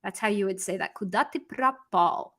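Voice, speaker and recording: A woman teaching Russian on a live stream, explaining lyrics and grammar lively, with asides and examples, slowing down to pronounce Russian words. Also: medium pitch. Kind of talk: live-stream language lesson.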